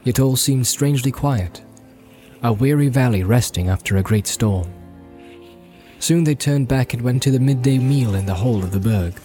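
A man narrating an audiobook in a steady, measured way. His voice is mellow and warm, with faint music playing behind him. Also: mid-range voice. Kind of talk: scripted narration.

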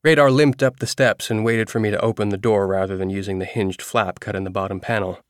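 A man reading a novel aloud as a first-person narrator, in a steady storytelling manner. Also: on the low side, brisk, no room sound, studio quality. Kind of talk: audiobook narration.

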